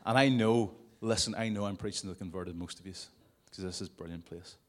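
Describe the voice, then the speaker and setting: Guy preaching at a church service, lowish voice, chatty with little jokes on the side. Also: fairly quick. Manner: conversational, with jokey asides. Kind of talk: sermon. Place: church service before a congregation.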